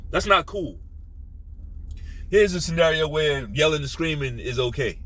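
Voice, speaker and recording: Blunt profane man ranting, bright voice. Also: a little slow, pauses often, low-quality recording. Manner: blunt, profane, animated, drops to a low menacing tone. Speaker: sports commentary host. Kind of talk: casual opinion rant.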